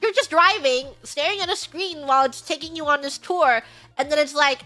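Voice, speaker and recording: A high-pitched woman streamer chats casually through a story, animated and quick to laugh. She acts out the lines she quotes, with faint music playing behind her.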